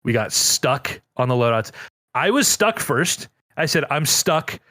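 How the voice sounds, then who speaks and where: A man's voice: mid-range voice, measured pace, no echo, studio quality. A man co-hosting a casual gaming podcast, telling a story with lots of energy and some swearing. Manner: animated storyteller, swears freely. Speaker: podcast co-host.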